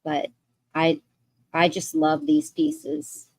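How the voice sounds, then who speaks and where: A woman hosts a live sale, walking through each item in a chatty, detailed way. She speaks at an unhurried pace, and her voice is close and dry with no room sound. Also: fairly low pitch, big pitch swings, gravelly, darkish tone, dry recording. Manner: chatty, describes items in detail. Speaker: online sale host. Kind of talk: live sales presentation.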